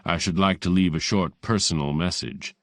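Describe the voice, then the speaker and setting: Haughty elegant gentleman, icy and contemptuous, very deep, read by a male narrator. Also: steady tone, moderate pace, no echo, clean studio sound. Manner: icy, weary contempt, rich trained delivery. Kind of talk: audiobook character voice.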